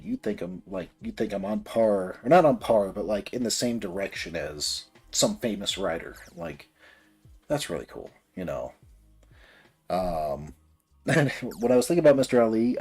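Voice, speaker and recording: A man's voice: on the low side, darkish tone, breathy edge. A man telling a long personal story in a rambling, casual way while building a model kit on a livestream. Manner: rambling, many fillers and restarts.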